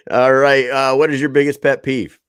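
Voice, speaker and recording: A man in his thirties hosting a podcast in casual chat, swearing freely, laughing often and telling quick stories. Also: mid-range voice, smooth, no echo, studio quality. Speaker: podcast host.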